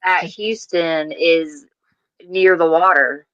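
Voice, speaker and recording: A woman's voice: deep voice, steady tone, slow pace, a bit bright, highs cut off. A woman co-hosting a casual chat, talkative, often restarting her sentences. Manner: chatty, hesitant restarts. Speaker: co-host.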